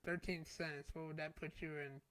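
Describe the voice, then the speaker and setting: Bright teasing man chatting. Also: fairly high pitch, level tone, normal speed. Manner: teasing, laughs often. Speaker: podcast co-host. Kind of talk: casual chat.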